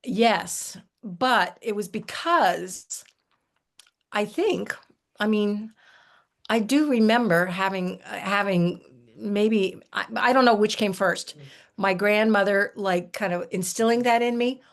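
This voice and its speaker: Older woman, gravelly, mid-pitched; folksy interview storyteller who restarts often. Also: takes it slowly. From United States. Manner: warm folksy storytelling with frequent restarts and laughs. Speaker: herbalist guest. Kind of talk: relaxed conversational storytelling.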